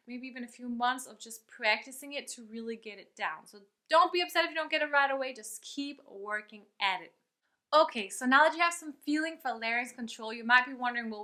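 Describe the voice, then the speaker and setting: Woman voice teacher, higher pitch, bright tone, chatty and upbeat. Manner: upbeat and chatty, breaks off to demonstrate sounds. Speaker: vocal coach. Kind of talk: online singing lesson.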